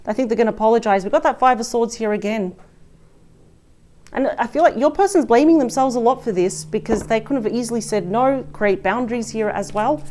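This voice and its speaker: Chatty woman reading tarot, mellow voice. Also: medium pitch. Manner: chatty, exclaiming, addresses listener directly. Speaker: tarot reader. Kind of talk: casual tarot reading monologue.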